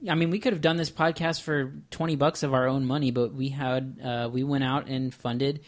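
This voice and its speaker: A man's voice: mid-range voice, little pitch movement, moderate pace. A man co-hosting a casual movie podcast, wry and easygoing. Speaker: podcast co-host. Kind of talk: casual chat.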